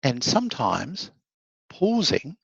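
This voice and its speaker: A man's voice: medium pitch, huge pitch swings, takes it slowly, creaky, breathy edge, no echo, highs cut off. A man giving an online law lecture, encouraging and conversational, reading out students' comments. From Australia. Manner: encouraging, conversational, laughs often.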